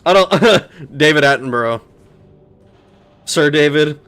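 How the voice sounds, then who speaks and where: A man's voice: a little high, expressive, slow, a bit bright. A man streaming a game, chatting casually, rambling, swearing and answering his chat. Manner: rambling, swears, laughs, talks back to chat. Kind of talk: casual gameplay commentary.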